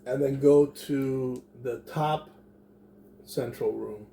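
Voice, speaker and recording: A man thinks through his moves in a tabletop game, talking slowly in a mellow, dark voice. He plans aloud with pauses and fillers. A faint hum sits behind him. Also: medium pitch, creaky. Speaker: player.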